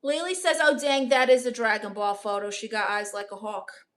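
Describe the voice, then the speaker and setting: A young woman from Brooklyn reading out her chat on a casual livestream, dry, deadpan and sarcastic. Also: fairly high pitch, normal speed. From Brooklyn, New York. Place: home in Los Angeles.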